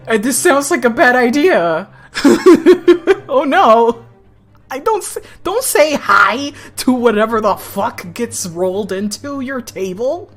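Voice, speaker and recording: Giggly animated woman streamer. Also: fairly high pitch, takes it slowly, soft background music. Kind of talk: casual let's-play commentary. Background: game soundtrack.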